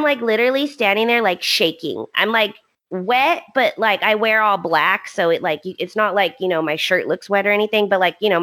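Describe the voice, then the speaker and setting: A young woman co-hosting a podcast, telling a story in a casual, animated way, acting out what people said. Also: mid-range voice. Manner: animated storytelling with frequent laughs and quoted voices. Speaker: podcast co-host. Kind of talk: casual chat.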